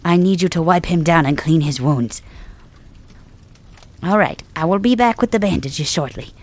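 A fussy old male healer, put on by a woman for an ASMR role-play, courteous and anxious over a wounded king. The voice sits fairly low and talks in polite, hurried repeats. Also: a little mellow, lightly acted. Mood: fussing. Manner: fussing, polite, urgent.

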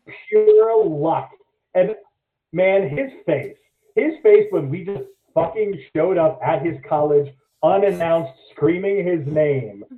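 High-pitched guy, lively storytelling, swears a lot, tinny echoey audio. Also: slow. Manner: animated, swears freely, shouts bits of the story. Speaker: podcast guest. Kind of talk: casual storytelling chat.

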